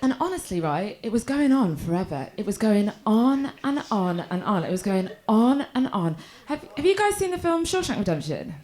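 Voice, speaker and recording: A woman's voice: medium pitch, very animated, normal speed, hardly any pauses, a little mellow. A young woman performing a stand-up set on a comedy club stage, telling crude, self-mocking stories with lots of "right?" tags.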